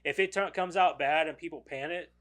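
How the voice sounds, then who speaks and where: Podcast co-host, male, slightly high voice, eager and profane, casual chat. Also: a little fast, fairly bright tone. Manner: enthusiastic, swears freely, repeats words.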